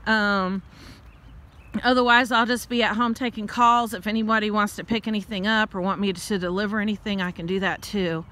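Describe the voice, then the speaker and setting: A middle-aged woman, talking casually while walking outdoors, out of breath, chatty and quick to laugh. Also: medium pitch, steady tone, pushed and bright. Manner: chatty, laughs often, rambles into rants. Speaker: vlogger and tarot reader.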